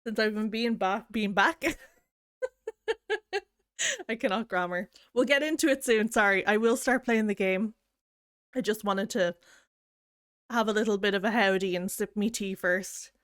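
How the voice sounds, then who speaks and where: A woman game streamer chatting casually and rambling, self-deprecating and giggly. Her voice sits at a middle pitch and sounds close and dry, with no room around it. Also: a little slow, pauses often, fairly bright tone, clear, resonant tone, no echo. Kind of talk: casual chat.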